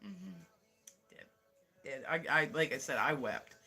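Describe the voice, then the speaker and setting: A man's voice: mid-range voice, animated, measured pace, pushed and bright, husky, soft background music. A man from the United States chatting casually on a livestream, rambling and swearing, with "like" in nearly every sentence. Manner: rambling, profane, heavy use of "like". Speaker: live streamer.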